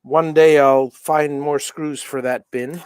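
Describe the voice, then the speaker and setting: A middle-aged man chats casually as host of a live stream, his voice sitting a little high. He rambles through stories, stopping and restarting mid-sentence. The sound is dry and close. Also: fairly even intonation, slow, clean tone, no echo. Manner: rambling, self-interrupting storyteller. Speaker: livestream host. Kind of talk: casual chat while soldering.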